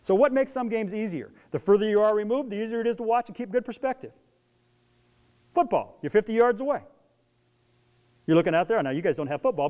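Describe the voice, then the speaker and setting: A middle-aged man giving a talk to an audience, telling stories and acting out scenes as he goes. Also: sits high. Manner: animated storyteller who acts out scenes. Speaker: speaker on parenting young athletes.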